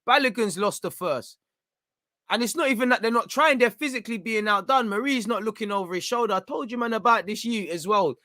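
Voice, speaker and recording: A young man giving live, excitable reaction commentary on a football match as host of a fan watchalong. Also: high voice, dry recording, clean studio sound. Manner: excitable, urgent, coaching the players.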